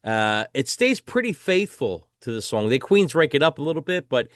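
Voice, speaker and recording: A man's voice: a little high, very animated, normal speed, no room sound, studio quality. A man hosting a casual album review chat, enthusiastic and swearing casually as he hands rankings to his co-host. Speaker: podcast host.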